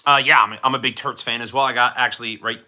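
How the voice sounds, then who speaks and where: Chatty young man with a bright voice. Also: mid-range voice, fairly even intonation, fast. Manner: rambling, chatty, answers viewer questions. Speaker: streamer showing his collection. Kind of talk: casual live-stream chat with viewers.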